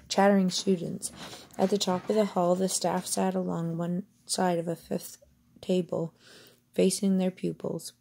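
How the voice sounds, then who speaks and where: Woman reading a book aloud, low voice, mellow and husky, unpolished with restarts. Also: a little hiss or hum. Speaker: reader.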